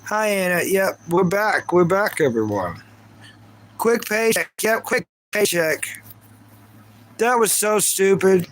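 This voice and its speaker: A man's voice: high voice, lively intonation, slow, long pauses, fairly bright tone, rough recording. A man hosting a casual live stream, ranting in reaction and repeating himself while talking to his chat viewers. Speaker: livestream host.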